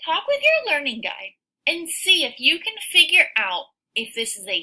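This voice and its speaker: A woman teaching a phonics lesson to young children, sounding out words slowly and cheering her listeners on. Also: sits high, low-quality recording. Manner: slow, sounds out words, animated encouraging teacher voice.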